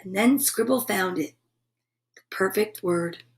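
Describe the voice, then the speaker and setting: A woman reading a picture book aloud to children, expressive, with exclaimed asides. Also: medium pitch, unhurried, a little hiss or hum. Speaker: children's storyteller.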